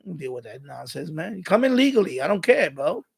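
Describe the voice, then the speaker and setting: A man's voice: a little high, very animated, a little fast, creaky, slightly rough. A man hosting a live stream, ranting in casual commentary with rambling, repetitive, streetwise talk, acting out quoted exchanges.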